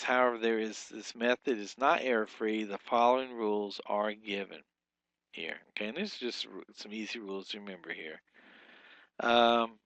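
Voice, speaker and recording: A man teaching a recorded Hebrew grammar lesson, explaining rules step by step with frequent pauses and restarts. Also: on the low side, a bit bright, no echo.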